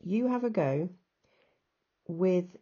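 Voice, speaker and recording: A woman's voice: lowish voice, lively intonation, slow, mellow, dull audio. A woman with an English accent, teaching a recorded lesson and patiently talking through examples step by step.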